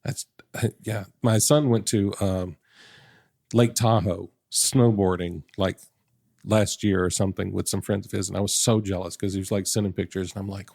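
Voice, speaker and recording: A man's voice: low voice, fairly even intonation, moderate pace, gravelly, a little mellow. A middle-aged man hosting a podcast, asking numbered questions and laughing often. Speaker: podcast host. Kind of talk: casual interview.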